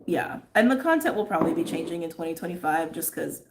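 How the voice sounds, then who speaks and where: Chatty woman with a lively voice. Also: fairly low pitch, fast talker, noisy background. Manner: chatty and rambling, laughs often. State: slightly hoarse. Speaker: tarot reader. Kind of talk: casual livestream chat.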